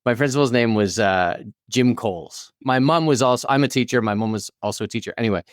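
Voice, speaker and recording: A middle-aged man telling a story in casual podcast chat, jumping up into high quoted voices. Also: quick pace, no room sound, clean studio sound. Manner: animated, jumps into high-pitched quoted voices. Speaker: podcast guest.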